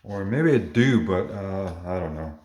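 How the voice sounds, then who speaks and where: Low-voiced guy rambling happily about his collection, lots of uhs and little corrections. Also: expressive, measured pace, darkish tone. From Canada. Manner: enthusiastic, rambling with fillers and self-corrections. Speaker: collector showing model cars. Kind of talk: casual show-and-tell.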